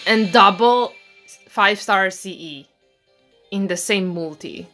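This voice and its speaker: A woman chatting through her game pulls in a bright, sharp voice at an unhurried pace. She turns excitable and swears freely in disbelief. Faint game music plays underneath. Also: medium pitch. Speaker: gacha game streamer. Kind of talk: casual commentary while playing. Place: bedroom.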